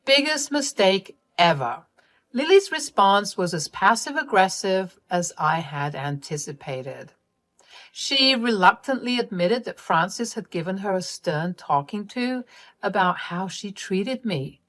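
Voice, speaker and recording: A woman narrating a personal family drama in an expressive, wry and exasperated way. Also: medium pitch, unhurried.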